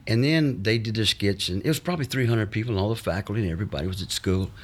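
A man telling long stories from his life in a relaxed, rambling interview, stumbling over words with many uh's and acting out the people he quotes. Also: fairly low pitch, racing, husky. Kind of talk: casual anecdotal storytelling.

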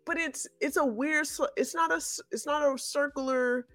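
A woman's voice: high voice, moderate pace, dry recording. A woman from the Chicago area, chatting casually as a podcast co-host in an emphatic, slangy way. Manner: animated, slangy, emphatic storytelling.

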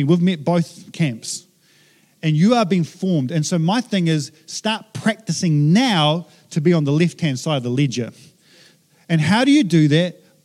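A man preaches in a loose, conversational way, often restarting his sentences and poking fun at himself. His voice sits a little high for a man. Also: darkish tone. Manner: conversational, self-deprecating, frequent fillers and restarts. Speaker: pastor. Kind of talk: sermon.

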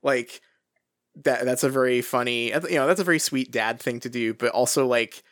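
A man's voice: moderate pace, no echo. Hesitant man chatting in a dry room. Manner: hesitant, many restarts, animated pitch swings. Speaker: podcast co-host. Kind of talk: casual book discussion.

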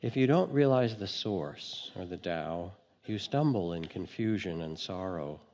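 Male meditation teacher, gentle and wry, gravelly timbre, recorded in a hall with a long reverb tail. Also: low-pitched, expressive, unhurried, lo-fi sound. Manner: gentle storytelling with light humor. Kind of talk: dharma talk.

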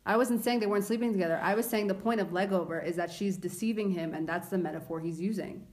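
A woman's voice: medium pitch, fast, a little mellow. A young woman co-hosting a podcast in casual chat, playful, laughing often and drawing out repeated words. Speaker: podcast co-host.

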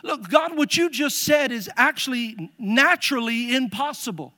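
Man, pastor, sermon, very high voice, animated preaching, echoey church hall. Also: moderate pace. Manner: animated preaching with rising emphasis. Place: church sanctuary.

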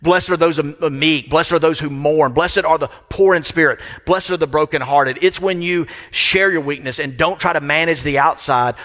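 Man, middle-aged pastor, emphatic sermon delivery, repeats key phrases, forceful tone, long church reverb. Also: a little high, moderate pace, hardly any pauses. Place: church sanctuary.

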